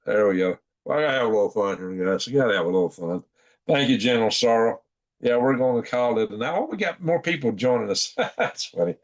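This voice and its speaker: A man's voice: medium pitch, lively intonation, quick pace. A sleepy man, hosting a casual late-night livestream, chuckling and reading chat aloud in a folksy drawl. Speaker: livestream host.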